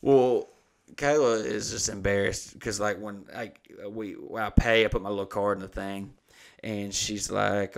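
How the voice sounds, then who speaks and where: A man's voice: lowish voice, flat delivery, normal speed, vocal fry. A young adult man hosting a podcast, telling rambling, profane anecdotes in casual chat and acting out the dialogue. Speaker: podcast host.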